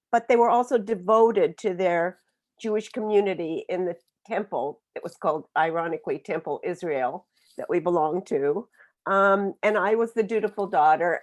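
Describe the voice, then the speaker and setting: A woman in her seventies with a somewhat low voice recounts her own past in an earnest, reflective manner. She pauses and restarts often while she gathers her thoughts. She sounds as if she is speaking over a video call. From Oklahoma, USA. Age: 70s. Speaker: book author speaking on a webinar. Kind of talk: personal storytelling.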